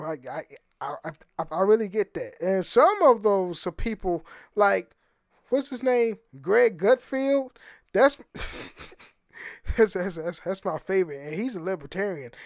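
A man's voice: sits high, no echo, studio quality. A man hosting his own podcast, rambling and swearing freely, often stumbling over repeated words and laughing. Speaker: podcast host. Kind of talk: casual solo podcast rant.

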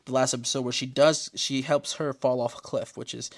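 A man casually recapping television episodes in a slangy, laid-back way with quick asides. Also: medium pitch, little pitch movement, gravelly.

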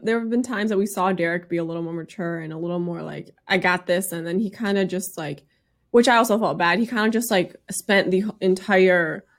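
A woman with a slightly low voice chats on a podcast. She retells events animatedly, putting on quick impressions of what people said. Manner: animated, acts out people's lines. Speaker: podcast co-host. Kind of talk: casual chat.

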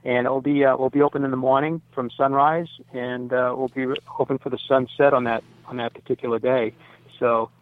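Speaking a little fast in a flat, mid-range voice, this man from the United States, in his sixties, rambles through a radio interview as a guest and site owner. He leans on fillers and self-corrections, and the dry phone-line audio has no room sound.

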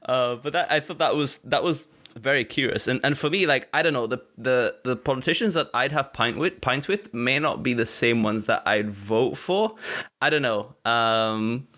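A man's voice: medium pitch, moderate pace, pushed and bright. A young man hosting a podcast, chatting in an enthusiastic, hesitant way with frequent laughs. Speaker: podcast host. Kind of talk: casual interview chat.

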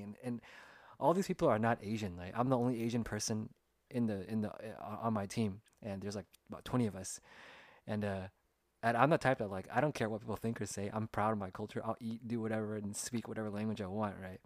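A man's voice: lowish voice, fast talker, no room sound. A man hosting his own podcast, telling a story in a loose, rambling way with many fillers and restarts. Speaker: podcast host. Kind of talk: casual storytelling monologue. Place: home recording in Los Angeles.

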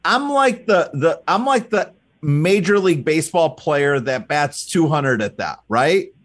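A man hosting a podcast interview, talking in an animated, emphatic way and often repeating words as he builds a point. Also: on the high side, a little slow. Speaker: podcast host. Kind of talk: casual interview chat.

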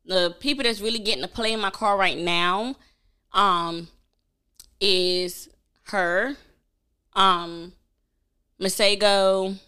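Young woman co-host, casual chat; loud, animated, bright and forceful tone. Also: medium pitch, clear, resonant tone. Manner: loud, animated, laughs often. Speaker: podcast co-host.

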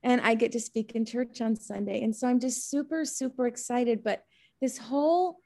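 Woman, animated storyteller, slightly high voice, video call audio. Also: normal speed, gravelly. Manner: animated, acts out quoted dialogue. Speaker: study group member.

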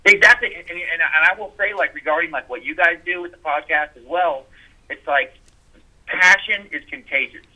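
A man guesting on a podcast, talking in an animated, emphatic way with lots of swearing and quick restarts. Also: fairly high pitch, low-quality recording. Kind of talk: casual podcast conversation.

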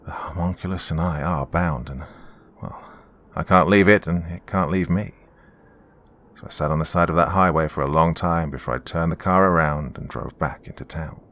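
A man narrating a horror story in a measured, grim storytelling manner. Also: deep voice, fairly bright tone.

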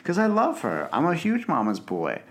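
A man's voice: on the high side, wildly swooping pitch, normal speed. A young man hosting a casual solo podcast, rambling and self-deprecating, often restarting his sentences. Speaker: podcast host. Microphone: podcast mic, filmed for video.

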